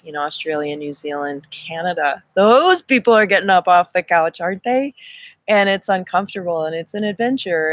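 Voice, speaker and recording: A woman hosting a live stream, talking in a casual spiritual monologue, earnest and effusive, often restarting and repeating her words. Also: on the low side. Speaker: spiritual reader hosting a livestream.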